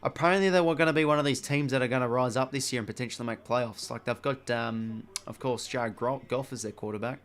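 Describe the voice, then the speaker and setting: A man's voice: medium pitch, quick pace, hardly any pauses, a bit bright. A young adult man with an Australian accent, hosting a live watch-along stream in a rambling, chatty way, swearing freely as he calls the play and chats between passages.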